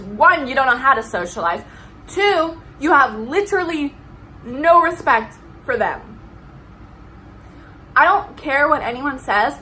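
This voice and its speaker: Bright-voiced young woman ranting angrily. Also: high-pitched, a little hiss or hum, poor audio. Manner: heated, profane, emphatic ranting. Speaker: vlogger. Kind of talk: ranting vlog.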